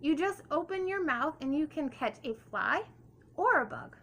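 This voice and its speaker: A woman's voice: high voice, animated, normal speed, fairly bright tone. A woman voicing an eager young male duck, persuasive and upbeat. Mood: coaxing.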